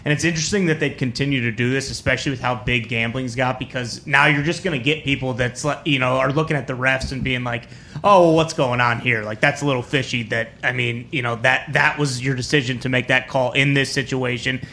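A man co-hosting a sports podcast with a bright, forceful voice. He agrees with the host and then lays out his own argument in a steady, measured way. Faint noise sits under his voice. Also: medium pitch. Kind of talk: casual sports chat.

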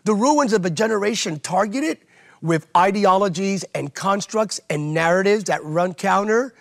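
A pastor preaching with fervor, his high voice carrying a gravelly edge. He hammers his points home by repeating phrases over and over, sermon-style, even in conversation. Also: normal speed. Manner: emphatic, repeats phrases for rhetorical effect.

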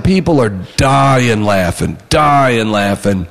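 A male comedy writer tells a story in a loose, casual way, slipping into the voices of the people in it. His voice is gravelly and carries a long, hall-like reverb. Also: medium pitch, slow, hardly any pauses. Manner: animated, acts out other people's lines.

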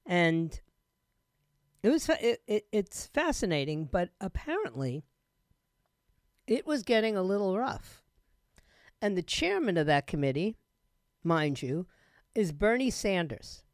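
A woman hosting a talk radio show with a scratchy throat, retelling news in an animated way with laughing asides. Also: mid-range voice, measured pace, pauses often, dry recording, studio quality.

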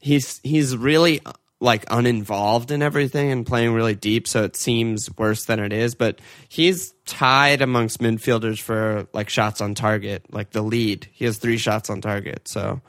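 A man's voice: mid-range voice, fairly even intonation, unhurried, fairly bright tone, no room sound, clean studio sound. A man with a congested, stuffy voice, co-hosting a casual sports chat, rambling with lots of fillers and swearing. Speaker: podcast co-host. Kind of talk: casual fantasy football chat.

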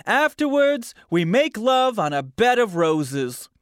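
A giddy, corny lover boy with a put-on New Jersey accent, as a man fakes it while reading aloud. The voice jumps up high and loud in a swooping sing-song, with a smooth tone and a dry sound. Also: big pitch swings, slow, no echo, full character voice. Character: corny, eager man in love with a ghost.

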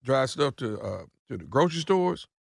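A man's voice: medium pitch, very animated, moderate pace, creaky, slightly rough, dry recording, clean studio sound. A man making a radio prank call, hesitant and stammering, drawing out his words.

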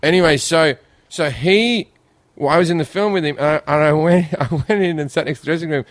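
Rambling man, high voice. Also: fairly quick, no room sound. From Australia. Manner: rambling storyteller, laughs often, restarts a lot. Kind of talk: casual podcast chat.

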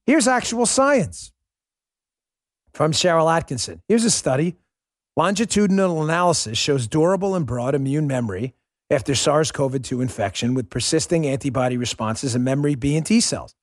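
A man's voice: a little high, lively intonation, moderate pace, no echo, clean studio sound. A man hosting a political commentary show, ranting in a heated, sarcastic way. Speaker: podcast host.

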